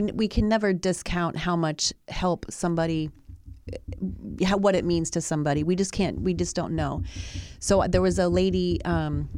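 Recorded dry and at studio quality, a woman with a fairly low, somewhat dark voice tells a personal story on a talk show. She speaks earnestly and reflectively, restarting often, in a conversational storytelling style.

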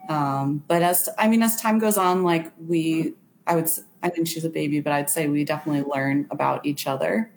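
A woman's voice: sits low, brisk, a little hiss or hum. A young woman talking casually as a podcast guest, earnest, with frequent filler words. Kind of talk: casual chat.

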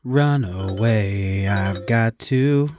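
A man's voice: lowish voice, drawn-out words, darkish tone, faint music behind. A young man co-hosting a casual podcast, joking, swearing and giggling through bloopers. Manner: giggly, profane, jokey. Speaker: podcast co-host.

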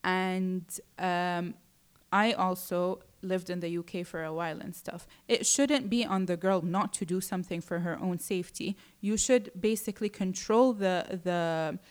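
A woman's voice: on the low side, unhurried, clean tone. Young woman telling a date story. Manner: animated storytelling, quotes others, swears. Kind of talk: casual chat.

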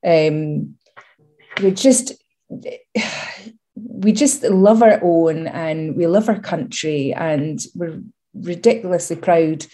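A middle-aged Scottish woman giving a candid interview, telling stories with humour and pride. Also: low voice. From Scotland. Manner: lively, humorous, proud storytelling. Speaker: interview guest.

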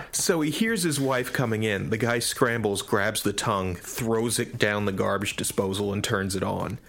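A man co-hosting a podcast, telling a story in casual chat with lively enthusiasm. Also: lowish voice, moderate pace, gravelly, few pauses, a little hiss or hum. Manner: animated storyteller. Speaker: podcast co-host.

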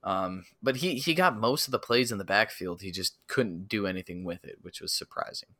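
A man's voice: fairly low pitch, fairly quick, pushed and bright, no room sound, studio quality. A man co-hosting a casual fantasy football podcast, joining in with playful joking banter. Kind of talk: casual sports chat.

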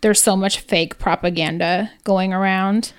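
A woman's voice: mid-range voice, fairly even intonation, unhurried, smooth. A woman co-hosting a podcast in casual chat, chatty and swearing freely as she tells stories. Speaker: podcast co-host.

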